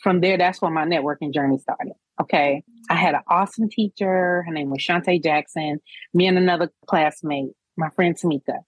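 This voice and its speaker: A woman in her forties, a nurse guest on a podcast, telling her story in an animated, colloquial way. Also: deep voice, a little fast, no room sound, rough recording. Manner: animated, colloquial, acts out quoted dialogue. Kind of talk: casual storytelling interview.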